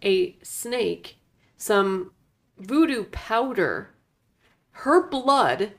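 A woman's voice: medium pitch, lively intonation, extremely slow. A woman co-hosting a casual movie review chat, exasperated and full of "like". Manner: exasperated, lots of "like". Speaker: podcast co-host.

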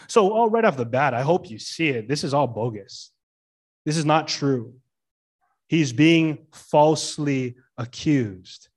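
A middle-aged male pastor preaching a sermon in a lively way, often asking the church questions and stressing key words. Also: mid-range voice.

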